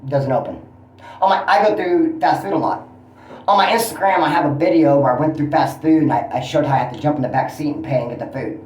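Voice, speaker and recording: A man's voice: on the high side, quick pace, reverberant, poor audio. A man hosting his own vlog, with a Californian accent, venting and rambling in a casual, profane way about his day. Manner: profane, venting, animated storyteller. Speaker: YouTube channel host. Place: motel room.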